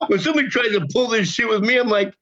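An older man telling a story as a podcast guest, in a casual, profane, animated way, acting out the people he quotes. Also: extremely high pitch, very fast. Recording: dull lo-fi sound.

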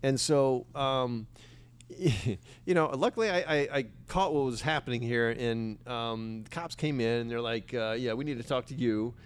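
A man's voice: medium pitch, normal speed, clear, resonant tone. A man hosting a casual chat, enthusiastic and jumping in often.

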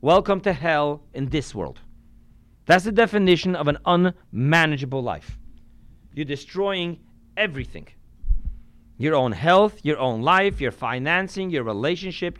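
Emphatic preaching rabbi, smooth voice. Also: male voice, a little high, lively intonation, normal speed, no room sound. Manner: emphatic preaching with sudden swings in loudness; drops in Yiddish and Hebrew religious terms. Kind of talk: sermon.

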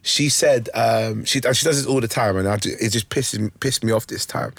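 A young man, a comedian guest on a podcast, telling animated stories and laughing often. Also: medium pitch, normal speed, few pauses, slightly rough, dry recording. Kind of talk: casual podcast chat.

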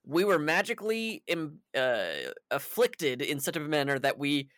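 Bright-voiced man making his case. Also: a little high, expressive, unhurried, dry recording, studio quality. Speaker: player. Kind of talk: casual tabletop play.

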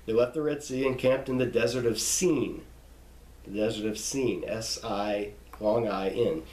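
A man's voice: fairly low pitch, fairly even intonation, a little mellow, reverberant, low-quality recording. A man reading a list of scripture names aloud and stopping to explain how to pronounce them, in a teaching tone. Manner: reads name lists slowly, pausing to spell out pronunciations.

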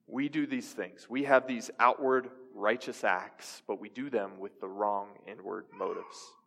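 A man's voice: lowish voice, fairly even intonation, measured pace, creaky, a bit bright. A young adult man preaching a sermon in a conversational style, asking his listeners questions. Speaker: pastor. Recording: reverberant hall.

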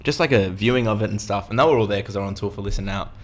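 A man's voice: fairly low pitch, very fast. A young man, chatting casually in a laid-back, slangy way. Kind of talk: casual chat.

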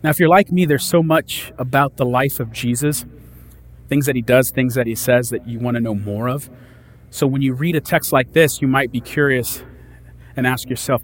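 A man preaching a sermon in a casual, conversational way, reading scripture and explaining it with lively asides. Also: mid-range voice, normal speed. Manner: conversational, animated, acts out disciples' lines. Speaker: pastor.

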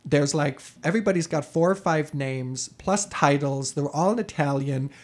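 A man co-hosting a podcast, telling a history story in a chatty, animated way with frequent restarts. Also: fairly high pitch, normal speed. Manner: animated, chatty, self-correcting. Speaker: podcast co-host. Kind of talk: casual conversational storytelling.

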